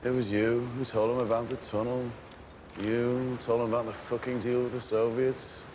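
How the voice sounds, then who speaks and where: An actor playing a cold, calculating gang leader who speaks in a measured, clipped and precise way. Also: male voice, mid-range voice, little pitch movement, close to an everyday voice. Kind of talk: film drama acting. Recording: muffled noisy film soundtrack.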